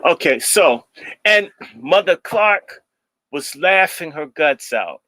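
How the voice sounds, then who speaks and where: A man with a bright, ringing voice and a somewhat high pitch, recorded dry and close. He tells stories in an animated, conversational way, often slipping into mocking impressions. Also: takes it slowly, no echo. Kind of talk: casual storytelling talk.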